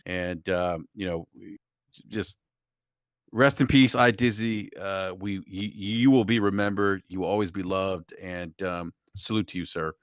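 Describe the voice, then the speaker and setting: A man speaking as a guest on a gaming podcast, soft and hesitant. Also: sits low, fairly even intonation, a little slow, clear, resonant tone, dry recording, clean studio sound. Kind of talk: casual podcast chat.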